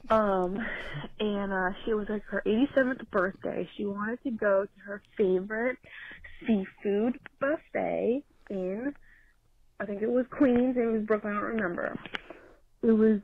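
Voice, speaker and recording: A woman's voice: mid-range voice, a little slow. Young woman calling in, tinny phone line, bit of hiss, swears a lot and gets worked up. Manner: profane, excitable storytelling. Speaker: caller. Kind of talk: rambling phone-in story.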